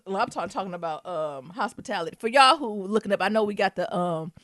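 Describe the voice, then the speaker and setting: A woman's voice: fast, no echo, clean studio sound. A woman co-hosting a casual podcast, telling stories animatedly, swearing freely and acting out quotes. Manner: animated storytelling, acts out quotes in a high voice. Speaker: podcast co-host. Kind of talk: casual chat.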